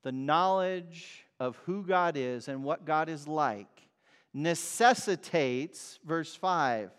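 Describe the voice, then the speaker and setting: A man preaching a sermon as pastor, emphatic and swinging from loud cries to quiet words. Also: fairly high pitch, animated, slow pace, smooth. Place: church hall. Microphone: mic over speakers. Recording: long reverb of a hall.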